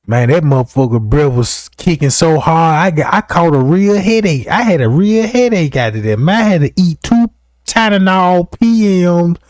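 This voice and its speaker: A young man with a high and very lively voice tells a raunchy comic story, constantly checking in with the listener. His delivery is loose and profane, with big swings in his pitch. The sound is dry and close. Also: moderate pace, dry recording. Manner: animated, profane, keeps asking "you know what I'm talking about". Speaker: streamer telling a story. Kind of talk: comedic storytelling.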